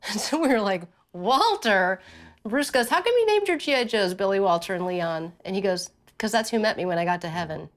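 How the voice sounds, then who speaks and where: A woman's voice: medium pitch, normal speed. A mother in an interview, telling a family story casually and acting out quotes. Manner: animated retelling with acted quotes.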